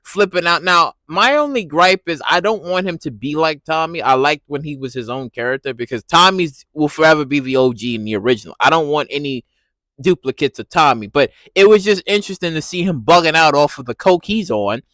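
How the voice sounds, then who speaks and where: A man giving a casual, animated recap of a TV episode, laughing and repeating himself as he reacts. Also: on the high side, a little fast, dry recording. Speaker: TV recap vlogger.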